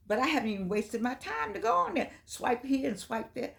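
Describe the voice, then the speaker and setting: A woman's voice: sits high, very animated, fairly quick, creaky, fairly bright tone. An older woman with a Southern US accent, talking casually to camera in a folksy, rambling way. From United States. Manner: chatty, folksy, digressing, with laughs. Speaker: vlogger.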